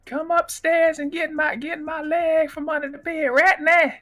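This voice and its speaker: A man putting on the high voice of a bossy old grandmother from the South, hollering orders. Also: level tone, normal speed, sharp tone, faint music behind.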